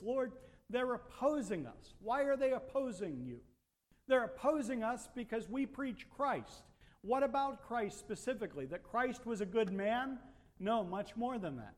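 A man with a high voice preaches a sermon, posing rhetorical questions and building emphasis. His voice rings with a long reverb, as if in a large hall. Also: lively intonation, normal speed.

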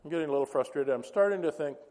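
A man's voice: a little high, very fast, dark tone. A man preaching a sermon, telling a story and acting out the dialogue. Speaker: pastor. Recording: reverberant hall.

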